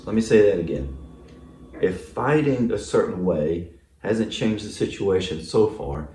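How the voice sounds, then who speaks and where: A man's voice: fairly low pitch, darkish tone, roomy sound, recorded from a distance, a little hiss or hum. A male pastor giving a casual, conversational sermon, full of fillers and often checking in with the congregation. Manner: casual, filler-heavy, asks the congregation "right?". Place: church sanctuary.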